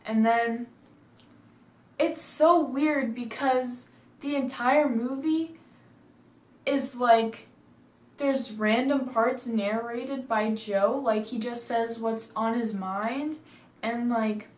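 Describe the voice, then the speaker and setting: Woman, casual movie review vlog, rambling and chatty, unhurried pace, echoey room at home. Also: on the high side, fairly even intonation. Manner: chatty, rambling retelling full of "like". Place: indoors at home, seated.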